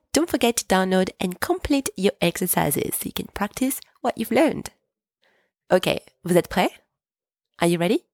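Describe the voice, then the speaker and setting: A woman teaching a podcast French lesson, pronouncing each word slowly and clearly so listeners can repeat after her. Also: on the low side, dry recording, studio quality. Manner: clear, slow, deliberate pronunciation for repeating. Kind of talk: podcast language lesson with repetition drills.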